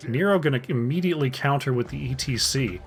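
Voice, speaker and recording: A man's voice: medium pitch, fast talker, creaky. A man casting an esports draft solo, chatty and casual, talking to his chat between picks. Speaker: esports caster.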